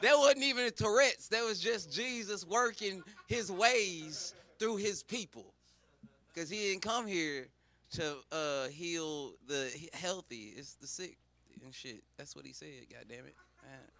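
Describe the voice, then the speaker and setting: A man's voice: sits high, expressive, measured pace, sharp tone. A man doing a profane stand-up riff as a comedian, with preachy mock-sermon call-outs.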